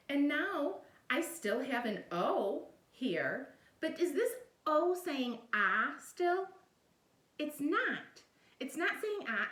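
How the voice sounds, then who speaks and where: A woman's voice: mid-range voice, fairly bright tone, distant mic. A woman teacher giving a recorded video lesson, explaining patiently step by step and often checking in with "all right?". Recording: echoey room, voice a bit off-mic.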